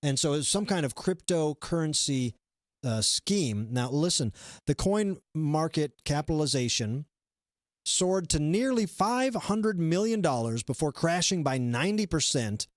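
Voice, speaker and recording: A man's voice: fairly high pitch, sing-song, a little slow, dry recording, clean studio sound. Rambling man hosting a comedy stream. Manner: rambling, many fillers and restarts. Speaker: comedy show host. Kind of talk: casual live-stream chat.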